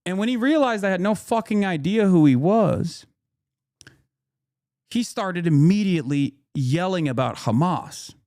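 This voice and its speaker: A man's voice: high voice, expressive, measured pace, darkish tone, no room sound, studio quality. Profane, indignant male streamer. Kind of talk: casual commentary.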